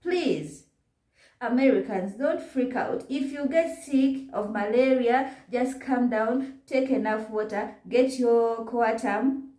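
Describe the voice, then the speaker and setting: A woman's voice: a little high, slow pace, dark tone. Ugandan lady ranting on her vlog, lots of why questions, roomy echo. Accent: Ugandan English. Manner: indignant, full of rhetorical questions. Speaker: vlogger. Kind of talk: reaction commentary. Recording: echoey room.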